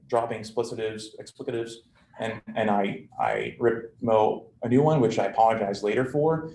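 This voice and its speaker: Talking to his officers, a squadron commander is blunt and conversational, packing his speech with military jargon and fillers. His mid-range voice has a darkish tone, and the low-quality recording sounds echoey with slight background noise.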